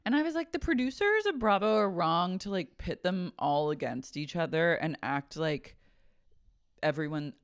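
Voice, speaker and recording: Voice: medium pitch, expressive, moderate pace, clean tone, no echo, clean studio sound. A podcast co-host in casual, blunt, profane chat, recapping a reality show.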